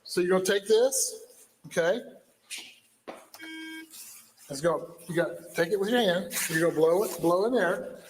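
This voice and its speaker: A stern police officer barks commands at a detainee, his voice high for a man. It was caught on body camera audio in an echoey room, with a long reverb tail and a faint hiss behind it. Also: unhurried, long pauses.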